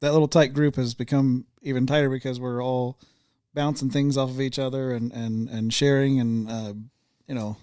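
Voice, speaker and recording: A man co-hosting a faith podcast, speaking casually with many pauses and restarts. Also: medium pitch, flat delivery, mellow, smooth, no echo, studio quality. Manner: halting, many fillers and restarts. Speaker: podcast co-host. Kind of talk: casual chat.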